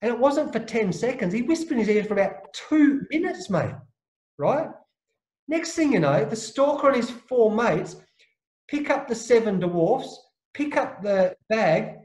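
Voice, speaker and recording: A high-voiced Australian man spins a yarn as an interview guest. He is lively and blokey and slips into the voices of the people in his story. The sound is roomy and echoey. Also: a little slow. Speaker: interview guest, former captain. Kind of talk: animated anecdotal storytelling.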